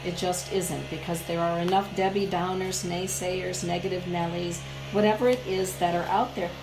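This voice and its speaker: A woman giving a live oracle card reading, speaking slowly and emphatically and addressing her viewers by name. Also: lowish voice, steady tone, echoey room, music in the background, low-quality recording. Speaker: spiritual author and card reader.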